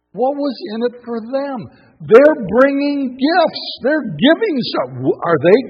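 A man preaching a sermon, full of questions and playful asides, dropping to a hush and then bursting out loud. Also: extremely high pitch, slightly rough, long reverb tail, muffled recording. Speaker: pastor.

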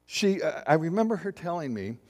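Animated preacher in a reverberant hall. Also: male voice, fairly high pitch, fairly quick. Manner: animated, conversational, asks the congregation questions and acts out voices. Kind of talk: sermon.

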